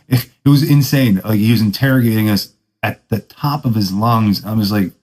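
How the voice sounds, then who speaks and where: A man's voice: medium pitch, moderate pace, vocal fry, darkish tone, rough recording. A young man hosting a podcast, telling casual, self-mocking stories in laid-back surfer slang. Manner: laid-back surfer talk, says dude a lot; self-deprecating, laughs at his own stories. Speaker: podcast host. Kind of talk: casual storytelling monologue.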